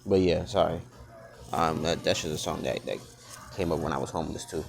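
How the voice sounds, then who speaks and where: A man's voice: rumbling low, brisk, gravelly. A man vlogging in a blunt, profane, unscripted monologue, often restarting and repeating words. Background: music.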